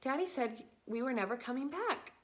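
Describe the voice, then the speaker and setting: A woman voicing a frantic, pleading little girl in a read-aloud storybook, speaking high, urgent and breathless. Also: expressive, normal speed, fairly bright tone. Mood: upset, pleading.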